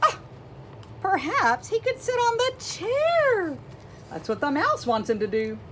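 Lady doing a kids' read-aloud, high voice swinging all over, really slow and expressive. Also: a little hiss or hum. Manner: animated, exclaiming, asks listeners questions. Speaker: children's storybook reader. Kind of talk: read-aloud for young children.

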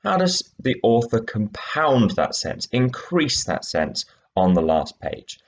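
A male English teacher explaining tasks in a recorded lesson, patient and clear, with some fillers. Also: lowish voice, big pitch swings, takes it slowly, a little hiss or hum. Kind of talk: recorded lesson with read-aloud extracts.

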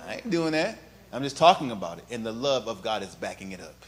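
Pastor preaching from quiet to sing-song. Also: male voice, fairly low pitch, big pitch swings, fast. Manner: calls on the congregation to repeat phrases. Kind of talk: sermon.

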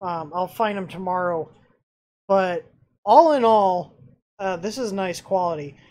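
A man's voice: high voice, unhurried, darkish tone. A man hosting a casual live-stream review of a 3D printer, talking in a rambling way with lots of "um"s and restarts. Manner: rambling, filler-heavy, frequent restarts. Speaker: channel host reviewing a 3D printer.

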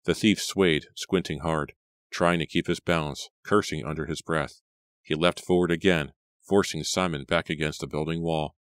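A man reading a horror audiobook in a measured, steady narration. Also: extremely low pitch, no room sound, clean studio sound. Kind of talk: scripted narration.

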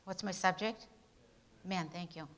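Bright, emphatic woman teaching grammar. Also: lowish voice, unhurried, rough recording. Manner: question-and-answer drilling, emphatic on key words. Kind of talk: classroom grammar lesson.

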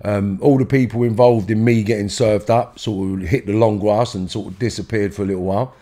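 A man's voice: on the low side, steady tone, brisk, dark tone. A man with a London accent tells a story in a podcast interview. His manner is blunt, his speech is full of swearing, and his voice leaps up whenever he acts out heated arguments. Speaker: interview guest.

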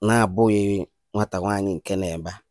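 A man playing a solemn low-voiced diviner. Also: steady tone, normal speed, darkish tone, no room sound, studio quality, lightly acted. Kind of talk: skit acting in Igbo.

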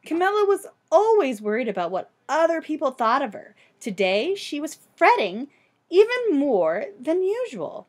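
A woman reading a children's picture book aloud expressively and pausing to ask listeners questions. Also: high voice, very animated, darkish tone. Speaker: storybook reader for children.

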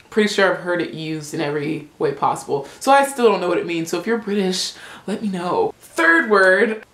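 A young American woman vlogging, animated and playful, laughing often as she talks to the camera. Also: fairly low pitch, moderate pace, reverberant. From United States. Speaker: travel vlogger. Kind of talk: casual comedic vlog.

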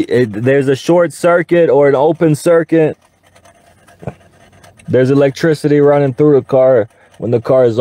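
A man's voice: on the high side, darkish tone. A man rambling on a live stream from inside his parked car, talking to his chat in a frustrated, profane way and stammering over repeated words. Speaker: livestreamer.

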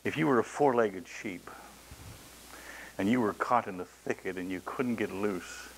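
A man preaching a sermon to a congregation, pleading and building to loud, passionate cries. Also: on the low side, measured pace, slight background noise, low-quality recording.

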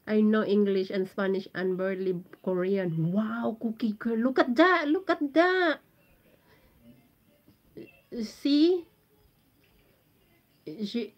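Filipino lady livestreaming, slow and playful, giggly, reading chat, kinda lo-fi dull sound. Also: fairly high pitch. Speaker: live streamer reading viewer comments.

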